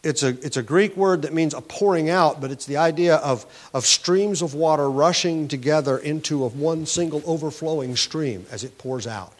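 A man's voice: on the high side, moderate pace, few pauses. Man preaching with rising emphasis. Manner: earnest teaching with rising emphasis and frequent restarts. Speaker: pastor. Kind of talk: sermon.

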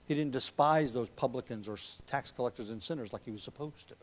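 A man preaching an expository sermon as a pastor, emphatic on key words, with frequent ums and throat clearing. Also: medium pitch, fast talker, slight background noise.

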